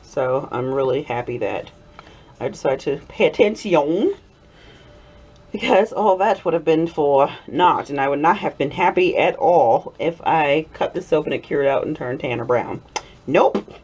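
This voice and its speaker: A woman's voice: low voice, lo-fi sound. A middle-aged woman hosting a soap-making video, chatting and giggling through rambling asides, sometimes slipping into a playful Southern drawl. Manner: drifts into a playful Southern drawl when excited. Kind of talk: casual chat while crafting. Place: home workshop.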